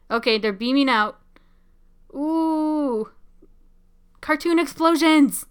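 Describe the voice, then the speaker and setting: A young woman casually commenting on a show as she watches, chatty and excitable, often laughing and saying "like". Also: high-pitched, very slow. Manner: chatty, giggly, excitable, many "like" fillers. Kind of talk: casual live reaction commentary.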